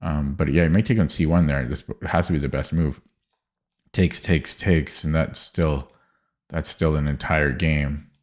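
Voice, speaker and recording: Deep-voiced man muttering chess calculations. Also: steady tone, unhurried, darkish tone. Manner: hesitant, muttering, many fillers and restarts. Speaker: streamer. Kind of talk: thinking aloud while solving chess puzzles.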